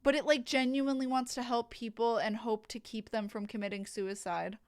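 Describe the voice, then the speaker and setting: A woman's voice: fairly high pitch, steady tone, moderate pace, dry recording, low-quality recording. A young adult woman streamer who reads aloud dramatically, then chats casually, gushing and swearing freely. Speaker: streamer reading aloud to chat. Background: background music.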